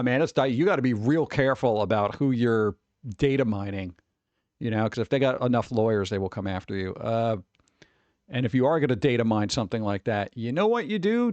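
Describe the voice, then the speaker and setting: A man's voice: medium pitch, darkish tone, dry recording, highs cut off. A tired man chatting casually on a livestream, rambling and sarcastic, reading chat messages aloud.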